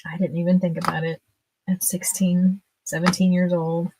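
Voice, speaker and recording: A woman's voice: lowish voice, little pitch movement, normal speed, noisy background. A woman in her fifties, a guest on a livestream, telling casual stories in a chatty way and laughing often. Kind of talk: casual storytelling.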